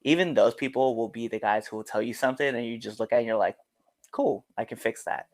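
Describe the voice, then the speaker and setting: A man's voice: mid-range voice, very fast, no room sound. Man telling wrestling stories, dry sound. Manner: animated storyteller, acts out quotes. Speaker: professional wrestler. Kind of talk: casual interview storytelling.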